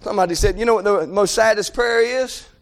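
Fervent high-voiced preacher. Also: male voice, a little fast. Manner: swings from shouted pleading to low, quiet talk. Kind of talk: sermon.

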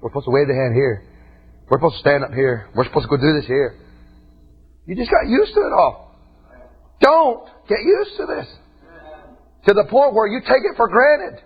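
A man preaching an impassioned sermon in a church, often breaking into shouts. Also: high-pitched, lively intonation, moderate pace, pauses often, husky. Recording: dull lo-fi recording.

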